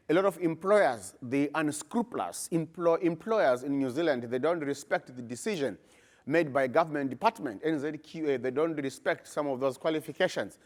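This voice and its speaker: A middle-aged man with a Zimbabwean accent presents his research at a conference. He speaks with a somewhat high voice and grows emphatic, his pitch jumping up when he presses a point. The delivery stays that of a live talk to a room. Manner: animated, emphatic, rising to bursts when making points.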